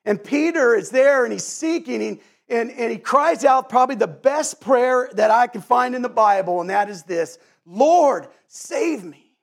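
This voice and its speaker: A male pastor delivers a sermon in a fairly high voice. He speaks earnestly, often stumbling and restarting his phrases as he gathers his thoughts. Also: gravelly. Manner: earnest, halting with many restarts and repeated words.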